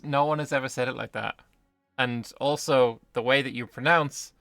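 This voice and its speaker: Gravelly British man on a game stream. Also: mid-range voice, sharp tone, no echo, studio quality. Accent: British English. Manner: banter with chat, swearing. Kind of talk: gaming livestream commentary.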